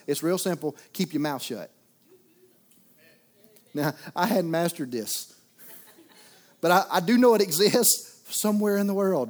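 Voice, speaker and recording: A middle-aged man preaching with a drawl, his voice sitting high for a man. He is folksy and joking, swinging from loud exhortation down to quiet asides. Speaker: pastor. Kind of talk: sermon.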